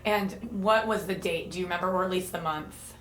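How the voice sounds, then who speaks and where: A woman interviewer with a fairly low voice asks short, prompting questions. Her voice comes across roomy and echoing, with faint noise underneath. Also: a little fast, fairly bright tone. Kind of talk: oral history interview.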